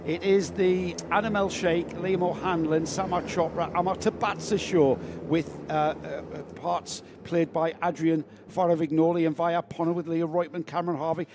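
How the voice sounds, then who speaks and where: Northern english guy doing race commentary, kinda high voice, chatty and rambly. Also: steady tone, noisy background. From northern England. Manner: chatty, rambling, calls names in rapid lists. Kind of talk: live motorsport commentary.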